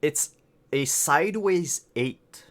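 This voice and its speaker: A man's voice: a little high, expressive, fairly bright tone. A man narrating a tabletop role-playing game as game master, describing the scene with some hesitations. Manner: unhurried, descriptive, hesitant fillers.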